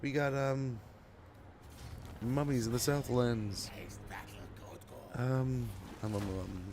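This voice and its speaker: A man's voice: medium pitch, steady tone, takes it slowly, noisy background. A man streaming a strategy game, chatting casually and rambling to his viewers, sounding sleepy. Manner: chatty and rambling, talking to chat while playing. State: drowsy. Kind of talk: casual gameplay commentary.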